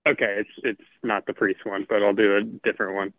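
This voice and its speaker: A man guest on a podcast telling a joke in a laid-back, drawn-out way. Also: on the low side, little pitch movement, no echo. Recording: tinny phone-like line.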